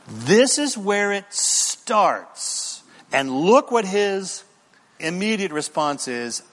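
A man preaching a sermon, animated, with rhetorical questions to the congregation and dramatic pauses. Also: sits high. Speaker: pastor. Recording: long reverb in a large hall.

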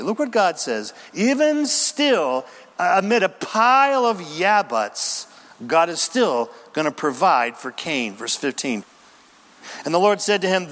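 A man preaching an emphatic sermon, working verse by verse with quick asides. His voice sits high and swings widely in pitch. Long reverb fills the space of a church sanctuary. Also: very animated, a bit bright. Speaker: pastor. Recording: reverberant hall.

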